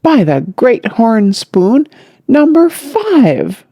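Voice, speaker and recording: A narrator voicing an excitable, irritable wealthy older man who splutters his exclamations. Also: mid-range voice, very slow, husky, dry recording, clean studio sound, voice pushed up, heavily acted. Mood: aghast.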